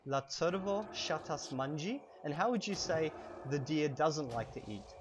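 A man teaching vocabulary in a casual, chatty way while playing a game at home, repeating each word slowly for learners, a little hoarse from a cold. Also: on the high side. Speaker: language teacher. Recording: steady background noise.

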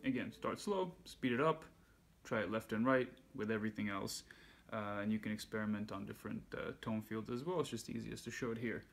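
Relaxed man teaching, handpan in background. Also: on the low side, brisk, vocal fry, soft background music. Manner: relaxed, counts beats aloud while playing. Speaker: music teacher. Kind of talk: casual instructional lesson. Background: handpan playing.

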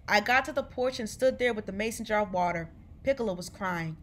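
A woman reading a novel aloud in a measured, expressive storytelling voice. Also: mid-range voice. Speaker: reader. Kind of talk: audiobook read-along of a novel.

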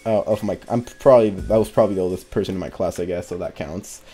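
A man's voice: deep voice, quick pace, warm tone, slightly rough, soft background music. A teenage boy telling a casual storytime to his viewers, rambling and correcting himself as he goes. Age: teens. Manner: rambling, self-correcting, laughs while telling. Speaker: YouTuber.

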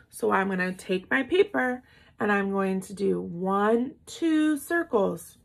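A woman's voice: mid-range voice, lively intonation, slow, vocal fry. A woman teacher giving a lesson to young children, patient and encouraging, sounding out words syllable by syllable.

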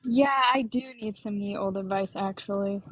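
A woman's voice: medium pitch, moderate pace, no room sound, close to an everyday voice, low-quality recording. Woman doing a gossipy young customer. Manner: chatty, gossipy. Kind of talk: live-stream role-play.

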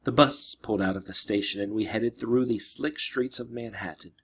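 Husky guy reading a kids novel out loud, pretty dramatic, slows down for suspense. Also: lowish voice. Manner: expressive, dramatic narration with shifting pace. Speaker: reader. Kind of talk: storybook read-aloud.

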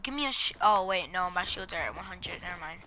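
A woman's voice: fairly low pitch, fast. A woman gaming with a friend, teasing and bickering in casual chat. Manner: teasing, bickering, shrieks when excited. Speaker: gamer.

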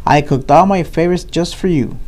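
A man's voice: fairly high pitch, fairly quick, a little mellow, voice pushed up, close to an everyday voice. Brief: a man playing a folksy storybook cowboy, drawling and blunt, raised voice. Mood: hearty.

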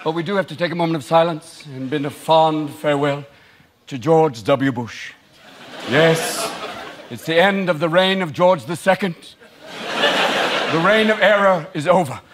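A man in his fifties performing stand-up comedy in a manic, shouting style, jumping into quick impressions. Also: a little high. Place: theater with live audience. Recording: live show with loud audience and noise.

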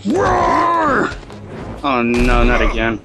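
Excitable high-voiced young man gaming. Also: moderate pace, over loud music. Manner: excitable, yelps and exclaims at the game, talks to viewers. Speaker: let's play host. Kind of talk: casual gameplay commentary. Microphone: phone.

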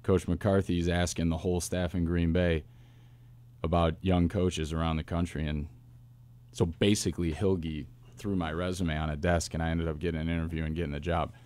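A man, a football coach, telling stories in a casual interview with lively asides and restarts. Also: low-pitched. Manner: animated storyteller, quick asides and restarts. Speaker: wide receivers coach, guest.

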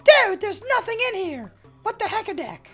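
A man giving excitable gameplay commentary, yelling at what happens in the game. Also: extremely high pitch, normal speed, faint music behind. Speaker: game streamer.

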